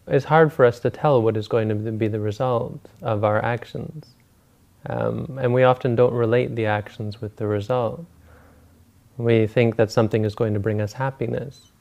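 A man, a Buddhist teacher, retelling a teaching story in a relaxed, conversational dharma talk. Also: mid-range voice, creaky, dull audio.

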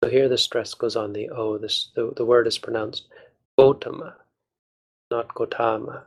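Man, monk teacher, gravelly, flat delivery, measured and patient, study-group lesson. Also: medium pitch, rough recording. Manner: measured, patient explaining with restarts. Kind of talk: explaining a text to a study group.

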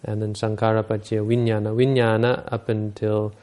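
A man's voice: lowish voice, level tone, moderate pace, a little mellow. A man giving a Buddhist dharma talk, telling stories and explaining teachings unhurriedly, using Pali terms.

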